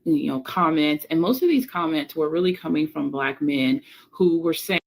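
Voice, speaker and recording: Low, gravelly woman commentator. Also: low-quality recording. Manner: earnest, measured, many fillers. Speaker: video commentator. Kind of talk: social media commentary.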